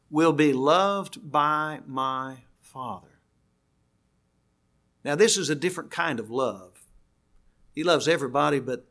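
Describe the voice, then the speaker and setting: An older man preaching a sermon, earnest and slowing down to stress key words. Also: a little high, a bit bright.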